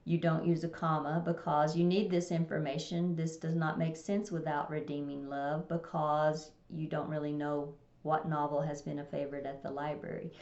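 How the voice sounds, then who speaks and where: Woman teacher, low gravelly voice, echoey dull lo-fi recording. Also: darkish tone. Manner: plain explanatory, reads example sentences aloud. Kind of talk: recorded test-prep lesson. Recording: echoey room, dull lo-fi sound.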